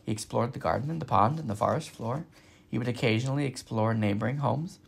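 Gravelly, husky man reading a storybook. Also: mid-range voice, fast. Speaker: storybook reader. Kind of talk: reading a children's novel aloud.

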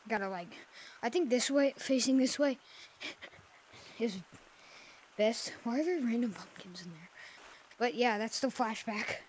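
A woman's voice: fairly high pitch, measured pace, long pauses, slight background noise. A woman giving playful, silly gameplay commentary into a headset mic, swinging from mumbled asides to squeals. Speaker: gaming video creator.

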